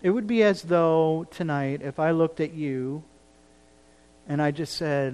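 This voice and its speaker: A man's voice: on the high side, unhurried, darkish tone, clean tone, in a large hall. A male pastor preaching a sermon in an earnest, pleading manner, pressing his points with rising emphasis. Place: church sanctuary.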